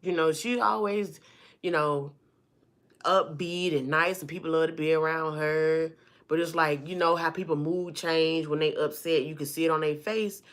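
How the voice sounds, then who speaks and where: A woman vlogger telling a personal story to her viewers in a lively, chatty way, calling them y'all and honey and acting out the people in it. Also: low-pitched, normal speed. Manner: acts out the people in her stories.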